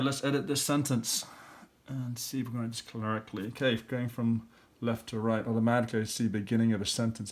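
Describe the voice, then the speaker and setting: Speaking in a mid-range voice, a middle-aged man who teaches elementary school records a review lesson for his students. He reasons out loud one step at a time.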